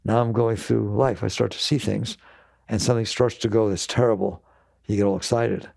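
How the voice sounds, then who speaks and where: A man's voice: lowish voice, steady tone, moderate pace, creaky, darkish tone, no room sound, clean studio sound. A man giving a spiritual talk to an audience, emphatic and repetitive, asking rhetorical questions. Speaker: spiritual teacher.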